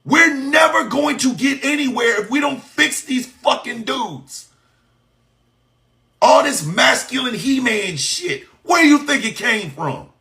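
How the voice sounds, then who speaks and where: A man with a very high-pitched, animated, creaky voice speaks a little slowly in a passionate, profane rant. He shouts in bursts and throws out mocking rhetorical questions.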